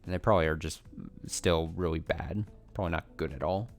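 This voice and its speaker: A deep-voiced man talks loosely while streaming a game, drifting between topics and making fun of himself. Faint game music plays under his voice. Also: fairly even intonation, brisk. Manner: rambling, self-deprecating, chuckling, answers chat questions. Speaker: let's play streamer. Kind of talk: casual chat while playing a game.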